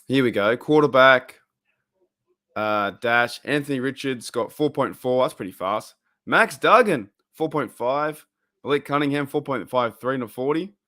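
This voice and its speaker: A young Australian man rambles through a casual livestream, reading chat and thinking out loud. His voice sits at an ordinary middle pitch, loose and easygoing, with plenty of fillers between thoughts. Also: lively intonation, normal speed. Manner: rambling, reads chat aloud, loose and chatty. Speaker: livestream host.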